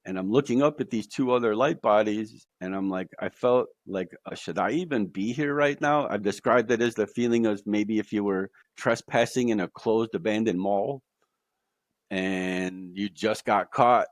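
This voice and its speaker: Emphatic low-voiced man telling his story. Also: no room sound. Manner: emphatic, says "literally" and "like" often. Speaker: podcast guest. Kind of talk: earnest personal storytelling.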